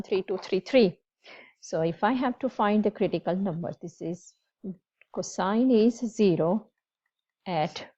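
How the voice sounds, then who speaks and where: Brief: woman math teacher, mellow voice, repeats key points, slightly dull lo-fi recording. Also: mid-range voice. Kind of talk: classroom lecture.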